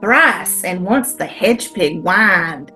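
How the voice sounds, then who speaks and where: A woman's voice: fairly low pitch, expressive, takes it slowly, pushed and bright, faint music behind, full character voice. A woman with a Southern US accent playing an old witch, chanting spell ingredients in a lilting rhythm for an amateur stage-play reading. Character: sing-song old witch listing foul ingredients.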